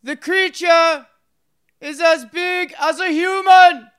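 A man voicing a grand, theatrical male Roman orator who declaims slowly and loudly in a raised voice. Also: fairly even intonation, full character voice. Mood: grandly declaiming. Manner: slow, high, declaiming proclamation. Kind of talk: mock-heroic comedy bit.

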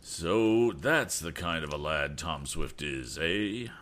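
A man reading aloud voices a vengeful middle-aged father who gloats slowly over his plans. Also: extremely low pitch, animated, a bit bright, full character voice. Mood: scheming. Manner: gloating, slow and deliberate.

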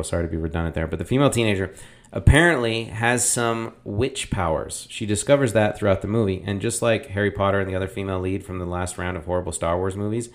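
A man hosting a casual movie review, talking in a rambling, opinionated way with lots of fillers. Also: fairly low pitch. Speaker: podcast host reviewing films.

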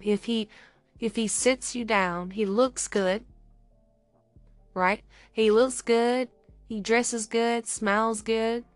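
A young woman co-hosting a studio podcast, lively and animated as she acts out quick scenes. Her voice sits at a middle pitch, recorded close and dry with faint music underneath. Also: no room sound. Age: young adult. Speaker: podcast co-host. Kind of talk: casual podcast chat.

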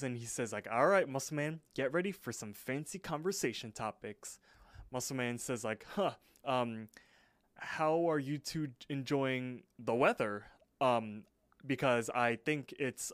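A young man at mid pitch talks through a cartoon episode scene by scene in a loose podcast chat, and the recording is dry and close, with no room sound. He keeps jumping into quick character voices for the lines he quotes. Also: fairly bright tone, no echo. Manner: retells scenes, voicing characters in quick impressions. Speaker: podcast co-host. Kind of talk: casual episode recap.

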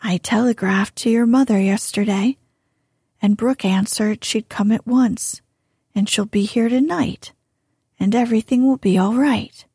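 A woman voicing an eager, teasing teenage boy in an audiobook, talking fast. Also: medium pitch, mellow, husky, dry recording, studio quality.

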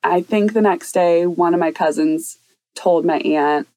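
A woman with a lowish voice tells a story to the hosts, casual and animated. She drops in quick quoted asides as she goes. The sound is close and dry. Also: no room sound, poor audio. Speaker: caller telling a story.

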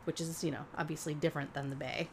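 A woman co-hosting a podcast, telling a story in relaxed, chatty talk that she often laughs through. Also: sits low, fast talker, slight background noise. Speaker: podcast co-host. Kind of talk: casual chat.

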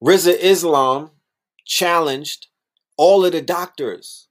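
A man talking in a casual, animated monologue, full of slang and repeated phrases, sometimes mocking other people's voices. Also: a little high, takes it slowly.

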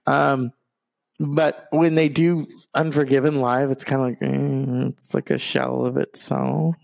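A man's voice: mid-range voice, little pitch movement, a little slow, vocal fry, darkish tone, dry recording. Rambling, profane man hosting a podcast. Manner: rambling and profane, swears freely. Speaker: podcast host. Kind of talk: casual chat.

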